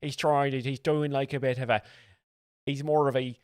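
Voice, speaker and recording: A man's voice: mid-range voice, level tone, moderate pace, smooth, dry recording. A man commenting on a live stream, explaining jokes in a dry, mock-expert way and reading out donations. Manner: dry, faux-serious explaining, reads donations.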